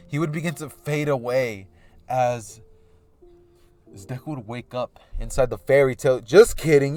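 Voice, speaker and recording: A man's voice: mid-range voice, no echo. A man casually narrating a what-if fan story, rambling with loose filler phrases.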